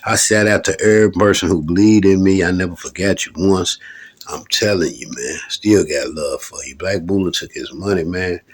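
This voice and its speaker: Husky deep-voiced storyteller man. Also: moderate pace. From Louisville, Kentucky. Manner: loose, rambling, profane, keeps calling the listener "man". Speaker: rapper telling his stories. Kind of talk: casual profane storytelling monologue.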